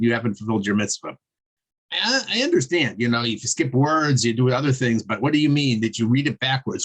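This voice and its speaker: A man teaching a casual online Torah class over a video call, chatty and digressive, chuckling as he tells jokes. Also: mid-range voice.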